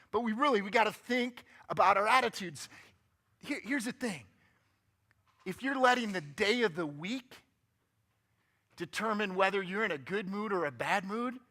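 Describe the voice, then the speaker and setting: A man's voice: high-pitched, pushed and bright. A man giving a motivational guest talk in church, upbeat and joking, often asking the audience questions. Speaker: guest speaker. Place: church sanctuary.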